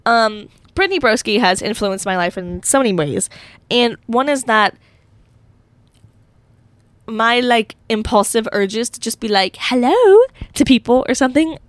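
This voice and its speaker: A woman's voice: fairly high pitch, moderate pace, a bit bright, dry recording. A young woman hosting a solo podcast from her college dorm room, telling a rambling, giggly story full of fillers. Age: young adult. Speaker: podcast host.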